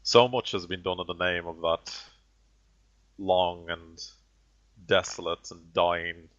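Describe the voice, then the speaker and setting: Man playing a condescending ancient sorcerer villain: very low, bright-edged, grandiose, muffled lo-fi sound. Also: level tone. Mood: menacing. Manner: slow, grandiose villain speeches. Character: callous ancient male heretic sorcerer, condescending. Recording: dull lo-fi audio.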